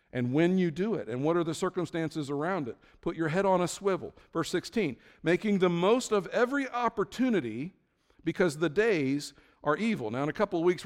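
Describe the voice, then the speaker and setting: Pastor with a higher voice in an echoing hall. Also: male voice. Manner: conversational storytelling with frequent fillers. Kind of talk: sermon. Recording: long hall reverb.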